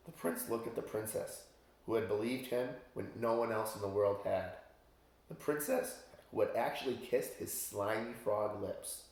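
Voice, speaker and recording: A man's voice: lowish voice, moderate pace, creaky, darkish tone. A man reading a children's story aloud as a teacher, with chatty asides to his young listeners. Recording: very echoey room.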